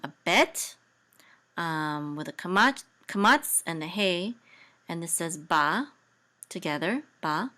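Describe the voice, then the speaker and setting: A woman teaching biblical Hebrew, explaining patiently with many fillers and soft, quiet asides. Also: lowish voice.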